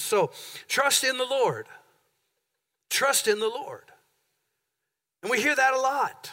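A man's voice: high voice, animated, moderate pace, bright, forceful tone. A man preaching a sermon as pastor in a church, emphatic and building points through repetition. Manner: emphatic, repeats phrases for effect. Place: church sanctuary.

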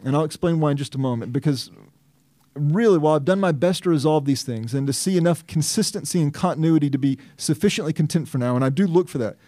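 A man's voice: fairly high pitch, fast, dark tone, no echo, clean studio sound. A man preaching an expository sermon as pastor. He reasons aloud in an earnest way, often restarting and putting questions to himself.

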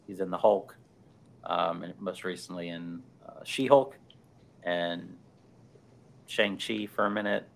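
A man's voice: sits low, steady tone, takes it slowly, gravelly, long pauses. A man co-hosting a podcast in casual chat, dry and laid-back with many fillers. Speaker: podcast co-host.

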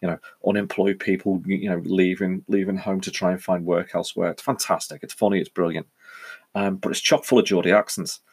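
A man's voice: low voice, steady tone, a little fast, a little mellow, breathy edge. A middle-aged man with a Northwest English accent from near the Welsh border, hosting a casual solo podcast in a chatty, rambling way. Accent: Northwest English, Cheshire and Welsh-border mix. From England. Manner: rambling, chatty, frequent self-corrections. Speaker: podcast host.

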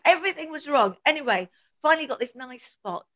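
A woman's voice: high voice, fast talker. A woman co-hosting a podcast, telling stories in a casual chat with frequent laughter and acted-out quotes. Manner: animated, laughs often, acts out quotes. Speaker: podcast co-host.

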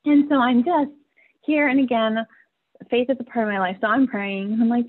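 A woman's voice: fairly high pitch, fairly even intonation, normal speed. A woman in her forties, a podcast guest, telling a personal family story candidly, earnest and emotional, often laughing through her words. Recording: tinny phone-like line.

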